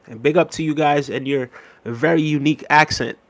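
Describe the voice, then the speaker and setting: A man hosting a spiritual live stream, casually chatting and reading viewer comments aloud, with a relaxed, easygoing delivery and frequent "right?" check-ins. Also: a little high, brisk. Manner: relaxed, conversational, laughs often, frequent "right?" and "big up". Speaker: livestream host reading chat.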